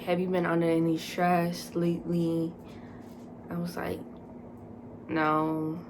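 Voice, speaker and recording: A young woman tells a casual vlog storytime with a slightly low voice. She talks in an animated, dramatic way and jumps around in pitch, full of fillers. A faint hiss sits under her voice. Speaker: vlogger.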